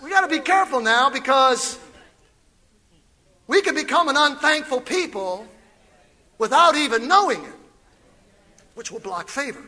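A man preaching a fiery sermon as pastor, building from quiet reading to shouted calls. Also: very high-pitched, animated, normal speed, pauses often.

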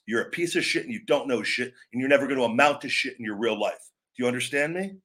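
A man's voice: mid-range voice, fast talker. A man hosting a live wrestling show, berating online trolls with heavy swearing, then talking things over in a looser, rambling way. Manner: profane, aggressive, berating trolls; calmer, rambling with restarts. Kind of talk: live stream rant and commentary.

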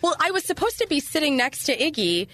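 Chatty, animated woman podcast guest. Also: high-pitched. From St. Louis, USA. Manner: animated, chatty, quick asides. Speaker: radio personality, podcast guest. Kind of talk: casual podcast chat.

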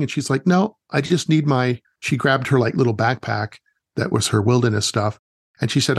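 A man who works as a wilderness educator, telling stories in a relaxed, chatty way during an interview and acting out the people he quotes. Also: medium pitch, fairly quick, vocal fry, slightly rough, no room sound, clean studio sound. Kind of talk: casual interview storytelling.

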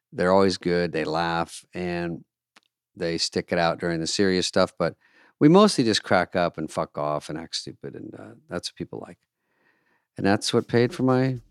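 Low-voiced joking male podcast host. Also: clear, resonant tone, dry recording, studio quality. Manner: loose, joking, trailing off into mumbles. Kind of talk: casual comedic chat. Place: podcast intro, then live stage show.

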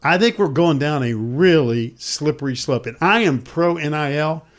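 A man's voice: fairly high pitch, expressive, moderate pace. A man hosting a sports talk discussion, speaking earnestly and emphatically.

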